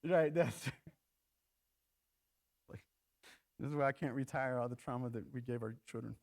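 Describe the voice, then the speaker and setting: A middle-aged man preaching a sermon in church, animated and acting out quoted lines in shifting voices. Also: medium pitch, unhurried, vocal fry. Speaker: pastor.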